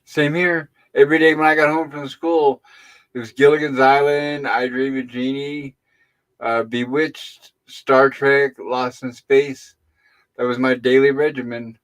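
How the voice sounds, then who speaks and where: A middle-aged man hosts a casual online show, walking listeners through an old sitcom episode scene by scene. His voice sits at an ordinary pitch for a man. He rambles, pausing and filling gaps as he goes. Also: little pitch movement, a bit bright. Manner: rambling retelling with pauses and fillers. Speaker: host. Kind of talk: casual episode recap on a live stream.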